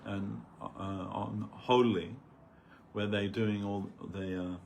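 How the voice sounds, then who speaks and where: A man's voice: fairly low pitch, fairly even intonation, slow, vocal fry, a little mellow, slight background noise. A man giving an informal spiritual talk at a temple gathering, rambling conversationally and peppering his stories with "you know".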